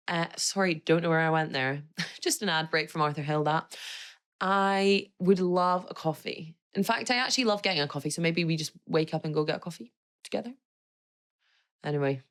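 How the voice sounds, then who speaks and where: A young woman talks to her podcast listeners in a loose, rambling chat full of tangents and little laughs. Her voice sits a touch lower than most women's, and her delivery stays bubbly and unfiltered. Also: moderate pace, fairly bright tone. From Scotland. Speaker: podcast host. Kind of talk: casual solo podcast chat.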